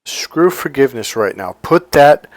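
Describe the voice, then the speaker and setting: Blunt, forceful man coaching. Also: big pitch swings, a little slow, no echo. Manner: forceful, blunt, swears for emphasis; acts out other people's lines in raised pitch. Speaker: life coach. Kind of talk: emphatic motivational monologue.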